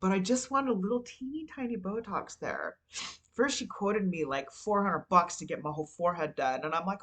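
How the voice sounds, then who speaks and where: A woman's voice: mid-range voice, expressive, normal speed, fairly bright tone, rough recording. A woman hosting her own show, talking in a rambling, confessional way, full of "you know" and "like," and swearing casually. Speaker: podcast host. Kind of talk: candid personal vlog monologue.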